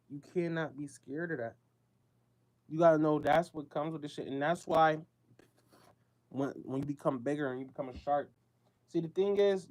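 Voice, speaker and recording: A man's voice: a little high, darkish tone. A man from the United States hosting a show, talking casually in a loose, slangy monologue that circles back on itself and speaks straight to his listeners. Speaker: show host.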